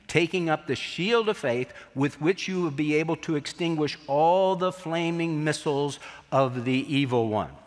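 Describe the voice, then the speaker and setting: A man's voice: on the high side, fairly bright tone, long reverb tail. A man preaching an expository sermon as pastor, building to emphatic peaks.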